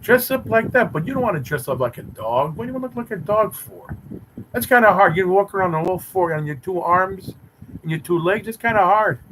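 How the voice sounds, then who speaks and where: Playful rambling man, rather high voice. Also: expressive, a little fast, fairly bright tone, slight background noise, low-quality recording. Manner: teasing, mock-romantic banter with viewers. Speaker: livestream host reading chat. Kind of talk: rambling playful live chat.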